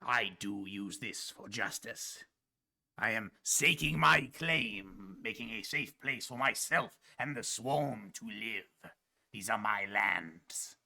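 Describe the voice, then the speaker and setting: A man voicing a proud, aloof male dragonborn swarm lord who speaks in slow, formal sentences. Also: on the low side, lively intonation, pushed and bright, exaggerated voice. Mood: haughty. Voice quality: slow, gravelly, formal speech. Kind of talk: tabletop role-play.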